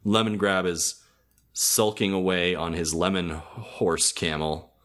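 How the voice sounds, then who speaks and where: A man with a very deep voice recaps a cartoon episode on a podcast. He rambles a little, stops on ums and fixes his own words mid-sentence. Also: flat delivery, takes it slowly, a bit bright. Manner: rambling, hesitant, with frequent ums and self-corrections. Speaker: podcast co-host.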